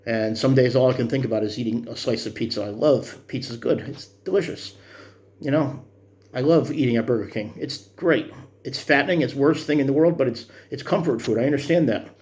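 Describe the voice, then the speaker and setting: Speaking briskly in a darkish, mid-range voice, a vlogger in his fifties covers his workout progress. His motivational fitness video is earnest and encouraging, if a bit rambling.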